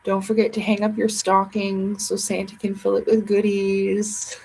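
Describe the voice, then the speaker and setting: A woman's voice: medium pitch, completely flat delivery, normal speed, gravelly, a little mellow, a little hiss or hum, rough recording. A tired woman chatting playfully and ramblingly with viewers on a casual livestream.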